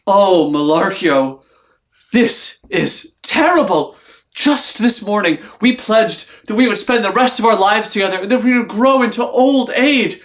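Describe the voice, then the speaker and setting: An actor playing Orazio, an overwrought young lover who wails and laments in a stage comedy. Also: male voice, high-pitched, lively intonation, unhurried, a bit bright. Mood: distraught. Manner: wailing, overwrought.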